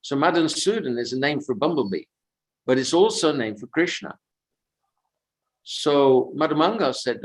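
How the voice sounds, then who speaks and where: A man giving a devotional storytelling talk at a sacred lake on a pilgrimage walk, unhurried and reflective, drifting between anecdote and commentary. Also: a little high, lively intonation, rough recording. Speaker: pilgrimage tour speaker.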